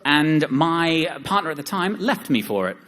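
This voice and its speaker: A young man speaking at a live seminar, joking and self-deprecating, with lively asides to the audience. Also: on the high side, a little slow.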